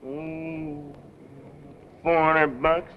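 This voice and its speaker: An actor playing a blunt, slangy and suspicious car buyer, in 1930s film acting. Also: male voice, a little high, little pitch movement, very slow. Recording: dull old film soundtrack with faint hiss.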